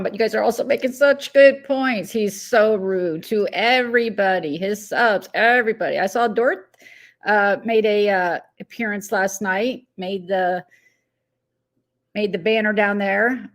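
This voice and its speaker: A woman's voice: mid-range voice, unhurried. A woman hosting a casual live stream, chatting loosely, laughing easily and greeting viewers one by one by name. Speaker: livestream host.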